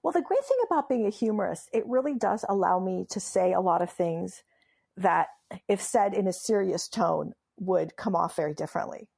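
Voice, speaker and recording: A medium-pitched, slightly mellow voice with vocal fry and a breathy edge carries this Iranian woman's stories at a moderate pace. She's a memoirist and humorist, Farsi her first language, speaking playfully and emphatically in an interview and laughing frequently.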